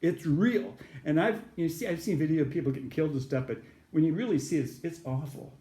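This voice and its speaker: A man's voice: a little high, quick pace, dark tone, echoey room. A man, a guest in an interview, earnestly retelling an experience and acting out the voices in it. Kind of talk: storytelling a near-death experience.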